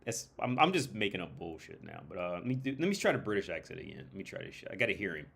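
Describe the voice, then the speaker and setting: A man's voice: low-pitched, huge pitch swings, fast talker, gravelly, fairly bright tone, slightly rough. A man hosting a livestream in a casual, rambling, profane style, full of fillers, who breaks into imitations of British and Irish accents. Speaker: livestream host.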